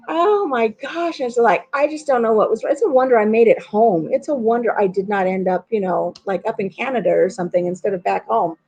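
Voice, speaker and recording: A woman's voice: medium pitch, a little mellow. A middle-aged woman hosting a casual live chat with viewers, a chatty storyteller who laughs at herself. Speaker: channel host.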